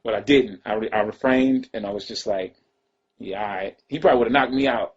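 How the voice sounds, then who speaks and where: A man casually telling a personal story in a rambling, slangy way, often trailing off into quiet asides. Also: medium pitch, fairly quick, husky. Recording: dull lo-fi sound.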